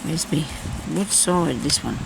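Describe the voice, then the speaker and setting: Gravelly chatty woman crafting aloud. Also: sits low, animated, measured pace, background noise. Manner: chatty, thinks aloud and talks to herself. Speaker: crafting vlogger. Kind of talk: casual crafting commentary.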